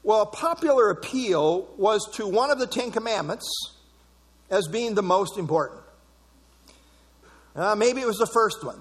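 A man's voice: high voice, lively intonation, a little slow, husky. A man preaching an expository sermon, emphatic and repeating key words for stress. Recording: long hall reverb.

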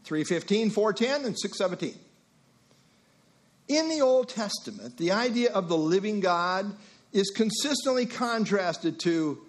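Lively high-voiced preacher man. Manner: emphatic, with rhetorical questions and quick asides. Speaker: pastor. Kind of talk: expository sermon.

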